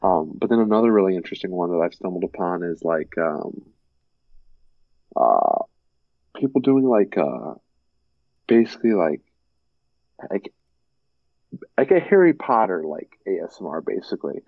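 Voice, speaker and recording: A young man talks in a loose, casual way, stringing his thoughts together with lots of fillers and now and then slipping into animated little impressions. His voice sits a bit low. The recording is dry and somewhat dull, like a lo-fi setup. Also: moderate pace, gravelly, pauses often, no echo. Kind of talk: casual chat.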